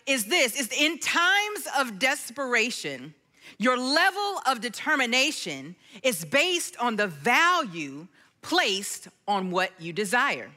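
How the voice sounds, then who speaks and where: A woman preaches with a high, bright voice. She tells her story in an animated way that swoops up and down. Then she turns to the lesson. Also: takes it slowly. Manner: storytelling, animated, acts out quotes. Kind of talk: sermon with personal story.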